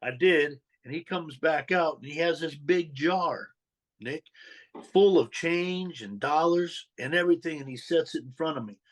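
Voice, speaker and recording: A man's voice: fairly high pitch, moderate pace. A man as an interview guest, telling his past as a story and acting out the dialogue. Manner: animated, acts out quoted dialogue. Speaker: interview guest, former mob associate.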